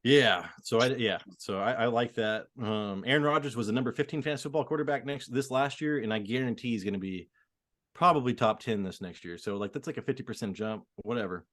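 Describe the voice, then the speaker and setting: A man's voice: medium pitch, fairly bright tone. A man co-hosting a fantasy football podcast, talking casually and opinionatedly with lots of fillers. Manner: filler-heavy, quick, opinionated. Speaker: podcast co-host. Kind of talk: casual sports chat.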